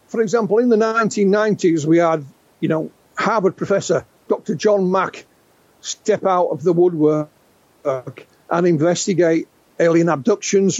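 High-voiced man telling stories. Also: no room sound. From England. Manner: animated, frequent restarts and repeated words. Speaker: guest UFO researcher. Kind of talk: conversational storytelling interview. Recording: dull lo-fi dry sound.

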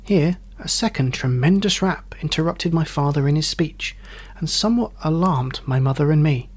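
A man narrating a story in an audiobook, reading in a measured, wry way. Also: a little high, animated. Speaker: reader.

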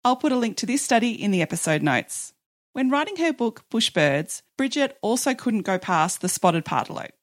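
A woman's voice: fairly high pitch, sing-song, normal speed. A woman, a podcast host reading scripted narration in a casual, chatty way with light humour.

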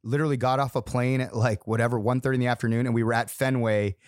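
A man co-hosting a podcast in a quick, loose, casual chat. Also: mid-range voice, steady tone, no room sound, clean studio sound. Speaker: podcast co-host.

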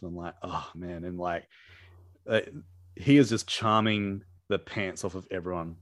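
A man's voice: sits low, steady tone, normal speed, fairly bright tone, no room sound, studio quality. A man co-hosting a casual movie commentary chat, rambling with lots of fillers, restarts and laughter. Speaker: podcast co-host.

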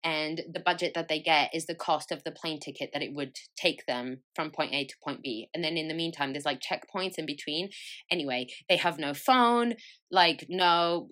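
A woman's voice: low voice, normal speed. Chatty woman telling stories. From France. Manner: chatty, animated storytelling with frequent laughs and swearing. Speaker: podcast host. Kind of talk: casual chat.

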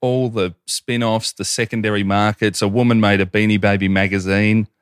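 A man in his thirties, co-hosting a casual podcast, telling crude, profane stories with animated quoted voices. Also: on the low side, moderate pace, clear, resonant tone, dry recording, studio quality. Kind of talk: casual chat, storytelling.

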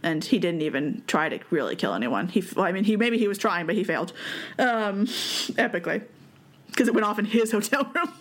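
A woman's voice: mid-range voice, very animated, brisk. Young woman host, casual conversational storyteller, laughs often, loose with fillers. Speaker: podcast host telling the story. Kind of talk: casual chat.

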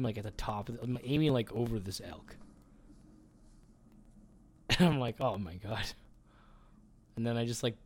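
Male podcast co-host, mid-pitch, loose storyteller who leans on filler words and curses freely. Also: a little hiss or hum. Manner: rambling, filler-heavy, profane. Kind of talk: casual chat, storytelling.

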